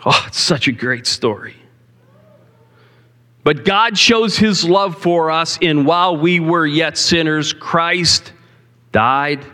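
Speaking slowly with long pauses, a Canadian pastor with a slightly high, sharp-toned voice preaches a sermon in a church sanctuary. He addresses the congregation conversationally and asks them questions, with long hall reverb around him.

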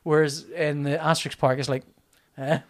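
A man in his thirties, an animated storyteller who acts out his own reactions, laughs often and swears in casual chat. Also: on the high side, a little fast.

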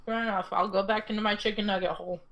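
A woman's voice: medium pitch, fairly even intonation, rapid-fire, fairly bright tone, a little hiss or hum. Joking woman guest, laughing easily. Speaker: podcast guest. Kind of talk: casual chat.

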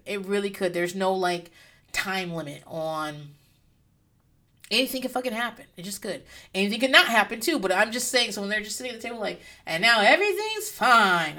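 A young woman hosting a podcast, telling a story in a casual, profane, animated way and laughing often. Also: lowish voice. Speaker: podcast host. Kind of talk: casual comedic recap.

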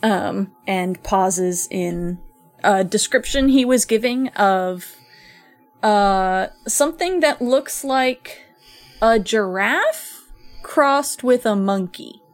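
A woman running a tabletop game as game master, narrating in a relaxed, rambling way with lots of fillers. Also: mid-range voice, slow pace, faint music behind.

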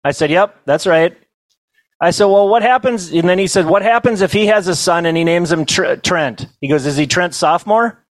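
A middle-aged man telling funny stories at a banquet, in a folksy, self-amused way with quick asides to the crowd. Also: sits high, poor audio. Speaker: banquet storyteller and comedian. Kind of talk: humorous storytelling to a live audience.

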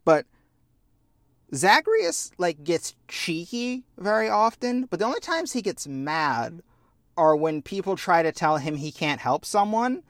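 A man talking through a video game on a podcast with heartfelt, animated earnestness. His voice sits a little high for a man. The sound is dry and close, with no room echo. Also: a little slow. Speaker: podcast co-host. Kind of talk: casual chat about a video game.

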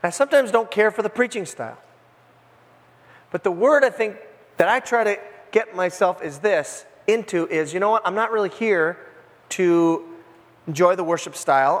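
A man's voice: sits high, normal speed, long pauses. A man preaching a sermon as pastor, in a conversational, emphatic way, sometimes acting out the people in the scene. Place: church sanctuary. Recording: church hall reverb.

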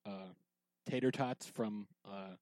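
A man's voice: on the low side, steady tone, slow pace, darkish tone, no room sound, poor audio. Rambling man chatting on a podcast. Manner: rambling, full of fillers and restarts. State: drinking whiskey while talking. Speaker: podcast co-host. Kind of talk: casual podcast chat.

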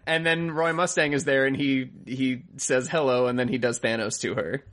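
A man of middle pitch chatting casually about an episode, loose and joking, riffing as he goes and swearing freely. His voice sits at an ordinary, unremarkable height. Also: fairly even intonation, normal speed, a bit bright. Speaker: podcast co-host. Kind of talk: casual recap chat.

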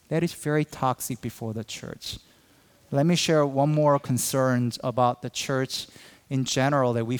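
A man's voice: a little high, a little mellow, long reverb tail. A man pastor preaching a sermon earnestly, acting out quoted believers with a raised voice.

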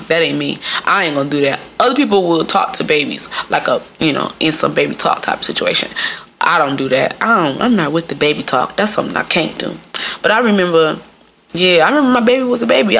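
A woman's voice: deep voice, gravelly, a bit bright, slight background noise. A young adult woman hosting a podcast in casual, profane talk, laughing often and mimicking people in quotes. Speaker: podcast host.

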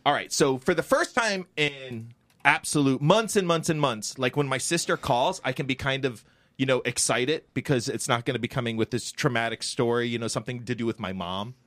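A man co-hosting a casual podcast, telling a story in a rambling, animated way and acting out the voices of the people in it. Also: mid-range voice, brisk, no echo. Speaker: podcast co-host.

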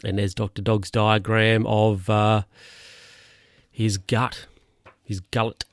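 A man's voice: fairly low pitch, level tone, slow pace, dry recording, clean studio sound. A man reading a children's picture book aloud, breaking off for wry, amused asides. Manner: amused, ad-libbing wry comments. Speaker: reader.

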